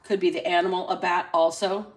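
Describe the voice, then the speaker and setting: A woman hosting a casual live-stream reading into a phone, chatty and salty, stretching out single words between quick asides. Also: on the low side, fairly even intonation. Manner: chatty, drawls single words then talks fast. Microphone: phone camera.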